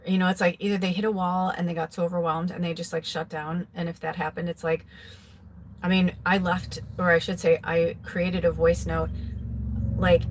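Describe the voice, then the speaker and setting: Low-voiced woman telling a rambling confessional story. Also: slight background noise. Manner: rambling, filler-heavy, with frequent "like"; emotional, confessional. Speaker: psychic tarot reader. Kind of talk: casual personal storytelling.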